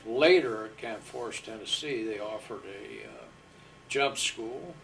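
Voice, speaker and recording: An older man from Iowa, a war veteran, unhurriedly recounting his service with fillers and pauses. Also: on the low side, creaky, a bit bright, distant mic, slight background noise, low-quality recording. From Iowa, USA. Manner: unhurried, humble storyteller with fillers. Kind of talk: storytelling interview.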